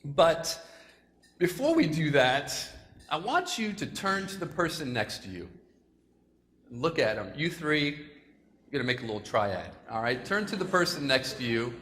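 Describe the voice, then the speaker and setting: A man with a slightly high, sing-song, somewhat bright voice speaks at a measured pace to a school assembly in a large hall with an audience. His motivational talk is casual and joking, chatty and self-deprecating, and at times he gets choked up. The recording has a long hall reverb and faint room noise.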